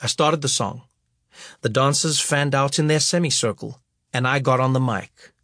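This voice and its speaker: A man's voice: medium pitch, normal speed, no room sound, studio quality. A man from Africa, narrating his memoir as an audiobook, acting out the scenes as he goes. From South Africa. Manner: lively storytelling that acts out scenes.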